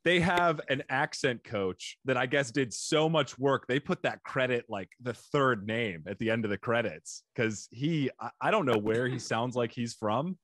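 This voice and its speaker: A middle-aged man hosting a podcast interview, chatty and eager, laughing often. His voice sits at an ordinary pitch and is recorded close and dry, with no room around it. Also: a little slow, hardly any pauses, fairly bright tone, dry recording. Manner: enthusiastic fan, laughs often. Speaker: podcast host. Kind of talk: casual interview chat.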